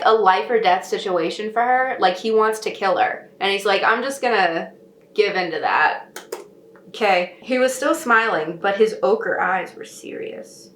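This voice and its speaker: In a medium-pitched, fairly bright voice, a woman writer reads a novel aloud, casually cutting in with snarky and sarcastic asides between passages. The room is echoey and carries faint noise.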